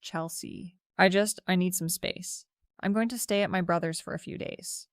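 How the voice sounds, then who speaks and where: Woman reading as a weary, calm boyfriend. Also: fairly low pitch, normal speed, smooth, no room sound, studio quality, lightly acted. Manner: calm, worn-out, patient. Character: tired, weary adult boyfriend pleading calmly. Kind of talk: first-person story narration.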